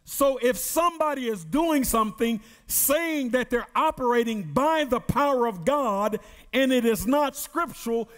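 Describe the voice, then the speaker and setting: A high-pitched male pastor preaches slowly, stretching phrases and swinging his pitch widely. He calls out for the congregation's response. His voice carries a long reverb from a large hall. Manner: emphatic, drawn-out preaching with call-and-response. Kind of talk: Bible study sermon.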